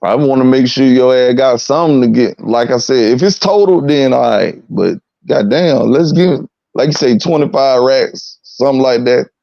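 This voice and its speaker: A man with a dark, gravelly voice argues bluntly in a casual talk chat. He swears freely and leans on fillers. His voice sounds dry and a little dull, as if over a lo-fi line. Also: mid-range voice, normal speed, dry recording. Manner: blunt and profane, with frequent fillers.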